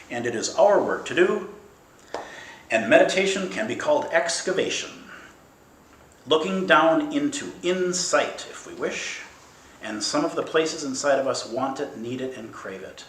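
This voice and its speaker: A man giving a playful, emphatic dharma talk as a Zen teacher, swinging between loud bursts and soft, slow passages. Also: a little high, slight background noise. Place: meditation hall at a Zen center. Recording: roomy hall with faint ambience.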